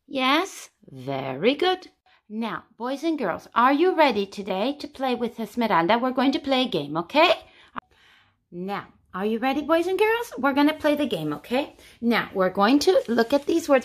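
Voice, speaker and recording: A woman with a high voice teaches young children a phonics lesson, slowly repeating each word and asking lively questions.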